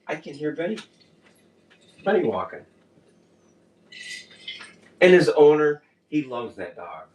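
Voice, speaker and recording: A man co-hosting a podcast in casual chat, rambling and animated, often laughing as he tells stories. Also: on the high side, slow pace, lo-fi sound. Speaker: podcast co-host. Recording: echoey room, distant mic.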